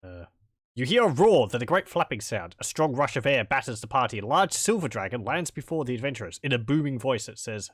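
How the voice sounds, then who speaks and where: A man's voice: medium pitch, very animated, fairly quick, no room sound, clean studio sound. A man casually commenting on a game as he plays, with wry, rambling asides and chuckles. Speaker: let's play commentator.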